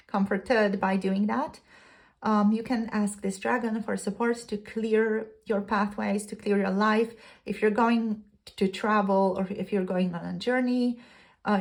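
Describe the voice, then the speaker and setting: A woman giving a tarot reading, calmly reading from a card booklet in a soothing spiritual way. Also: mid-range voice. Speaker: tarot reader.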